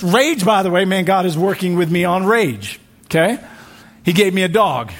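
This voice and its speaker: A young male pastor preaching in a relaxed, conversational way, with joking asides and frequent restarts, in a church. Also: sits high, normal speed. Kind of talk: sermon.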